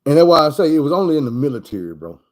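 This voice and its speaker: A man's voice: fairly high pitch, big pitch swings, rapid-fire, a little mellow, rough recording. Profane Arkansas man telling stories. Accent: Southern US (Arkansas). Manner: loose, profane, repetitive storytelling. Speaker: vlogger. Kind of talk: casual storytelling monologue.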